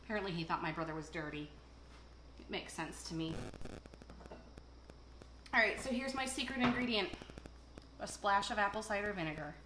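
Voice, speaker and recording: Lively intonation marks this medium-pitched woman hosting a casual cooking video; she speaks at normal speed with long pauses. She rambles through stories with fillers as she works, amid an echoey kitchen, clattering dishes, and a noisy background.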